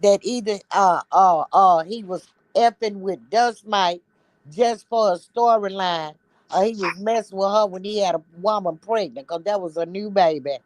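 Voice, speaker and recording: A woman's voice: medium pitch, moderate pace, no echo. A woman, a guest on a casual video-call chat, ranting in a blunt, sassy way.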